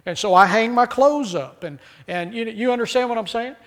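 A male pastor with a notably high-pitched voice delivers a sermon in an easygoing, joking way. He keeps prompting the congregation to answer him and repeat phrases. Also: moderate pace, a bit bright. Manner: joking, call-and-response with congregation.

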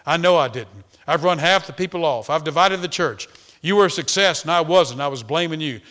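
Angry, pleading male pastor, played by a preacher, high and forceful. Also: a little fast, natural voice. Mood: sobbing remorse. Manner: shouting accusations, then sobbing pleas.

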